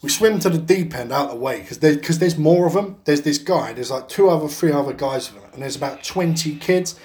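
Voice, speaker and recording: Bloke, bit high pitched, rambling podcast story full of swearing and laughs. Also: male voice, fairly quick, darkish tone. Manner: heavy swearing, rambling anecdote, laughing through it. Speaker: podcast co-host. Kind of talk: casual storytelling chat.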